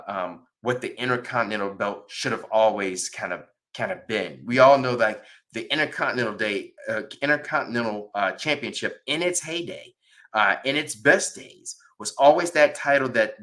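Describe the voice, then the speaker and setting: A man hosting a podcast, chatting casually about wrestling, rambling with many fillers and restarts and rising excitement. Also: fairly low pitch. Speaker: podcast host.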